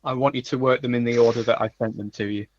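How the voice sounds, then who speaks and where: A man hosting a casual quiz among friends, brisk and teasing, over an online call. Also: mid-range voice, fairly even intonation, no room sound. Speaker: podcast host, quizmaster. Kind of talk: casual chat. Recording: dull online call audio.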